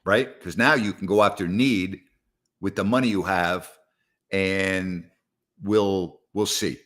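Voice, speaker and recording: Exasperated middle-aged sports talk host. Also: male voice, low-pitched, fairly even intonation, takes it slowly, fairly bright tone. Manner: exasperated, rambling, sarcastic. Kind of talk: live call-in show chat. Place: house, indoors.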